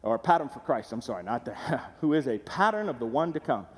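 A male pastor preaching a sermon in a conversational, animated way, putting questions to his congregation. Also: mid-range voice, brisk. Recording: long hall reverb.

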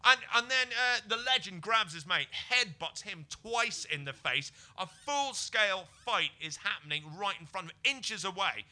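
A British man, a comedian guest, telling a comic story on a podcast, jumping between quiet mutters and excited bursts. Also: normal speed, few pauses. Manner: animated, swings from low mutters to excited bursts.

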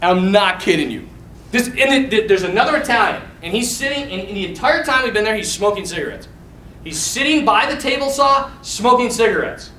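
Animated priest telling stories. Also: male voice, high voice, a little fast. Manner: lively, animated, laughing storyteller. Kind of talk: storytelling sermon. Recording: echoey hall, mic far off, faint noise.

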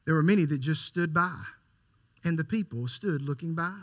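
A man preaching a sermon, emphatic, repeating key lines for stress and swinging from quiet to loud. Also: fairly high pitch, normal speed.

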